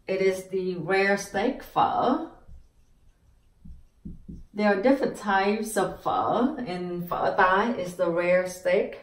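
A woman teaching pronunciation, sounding out each syllable slowly and repeating words. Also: fairly low pitch, echoey room, far from the mic. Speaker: language teacher. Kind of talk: slow pronunciation lesson.

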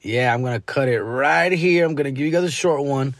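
A man's voice: mid-range voice, brisk, no echo, clean studio sound. A male comedian tells a casual story on his podcast, full of swearing, slang and Spanish words.

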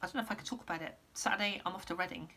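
Woman, casual vlogger, losing her voice, lowish pitch, rambly. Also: rapid-fire, gravelly, sharp tone, husky. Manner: rambling, lots of ums and restarts. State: losing her voice, clearing throat. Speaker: musician giving an update. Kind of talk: casual vlog update.

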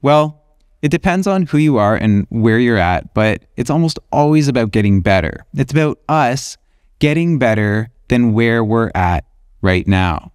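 A man of middle pitch talks alone into a close mic in a dry room with no echo. He sounds thoughtful and measured, like an illustrator hosting his own podcast and reflecting on his work. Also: lively intonation, darkish tone, clear, resonant tone. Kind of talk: reflective solo podcast talk.

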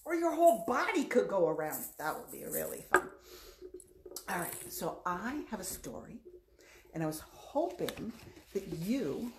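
A woman's voice: fairly low pitch, big pitch swings, measured pace, gravelly, background noise. A woman children's librarian leading a playful storytime for young children, with songs and a story in a library. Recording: echoey room.

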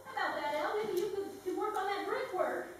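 An actress playing a spirited young Southern heiress in a live stage comedy, speaking with indignant emphasis. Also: female voice, very high voice, fairly quick. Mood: tender. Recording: echoey theater stage from far off.

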